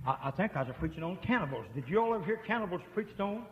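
A man preaching a revival sermon, swinging from hushed murmurs to shouts. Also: high-pitched, animated, racing. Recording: dull lo-fi tape with long reverb.

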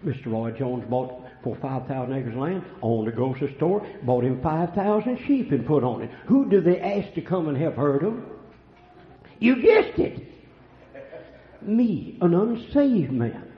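An older man preaching a sermon, telling folksy stories and swinging between hushed and loud lines. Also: a little high, very animated, unhurried. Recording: echoey room, dull lo-fi sound.

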